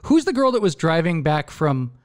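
A male podcast host chats casually, cheering his guest on and wandering through memories with many restarts. His voice sits high. His pitch swoops about as he talks. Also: sing-song, normal speed. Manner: encouraging, rambling, restarts often. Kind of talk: casual chat.

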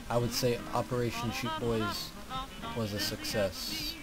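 A man jokes through a shooter session, teasing his friends with goofy mock-heroic lines. His voice sits at an ordinary middle pitch. Music is clearly audible behind him. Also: a little slow. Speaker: gamer playing with friends. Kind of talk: casual gaming banter.

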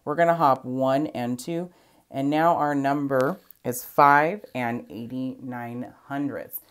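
A woman's voice: a bass voice, steady tone, slow. A woman teacher explaining a math lesson patiently, step by step, counting places aloud.

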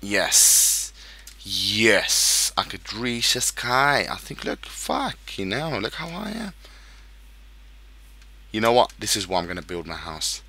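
A gaming YouTuber gives casual commentary on his own game, swearing a lot and venting in frustrated outbursts when things go wrong. His lowish voice is husky, bright and forceful, very animated yet slow.

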